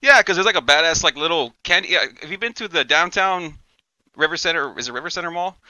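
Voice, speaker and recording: In this lo-fi, echo-free clip, a man co-hosting a podcast speaks quickly in a higher-leaning voice. He's casually chatting through a lengthy, swear-filled anecdote, animatedly performing the quoted dialogue of each character.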